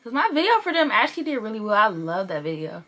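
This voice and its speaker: Fast-talking and forceful, this young beauty vlogger has a bright, mid-range voice with big pitch swings. She chats playfully through a makeup tutorial, swearing some and laughing while she works.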